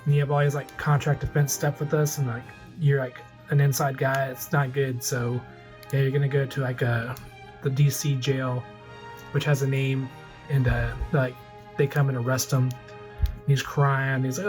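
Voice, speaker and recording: A man's voice: medium pitch, flat delivery, a little mellow, soft background music. Rambling middle-aged man retelling a film. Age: 40s. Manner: rambling, filler-heavy, casually does quick voices for characters. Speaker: toy collector vlogger. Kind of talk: casual retelling of a movie with toys.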